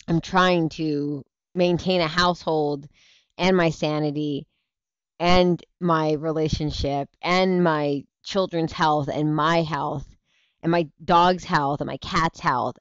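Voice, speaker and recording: A woman's voice: low-pitched, steady tone, slow, clear, resonant tone, no room sound. A woman in her thirties hosting a casual talk show livestream, chatty and rambling, tired and burnt out. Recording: dull lo-fi stream audio.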